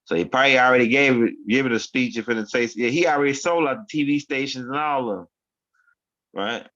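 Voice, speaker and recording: A man's voice: mid-range voice, brisk, fairly bright tone. A man hosting his own online show, rambling through casual commentary in street slang and often repeating himself. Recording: dull lo-fi sound.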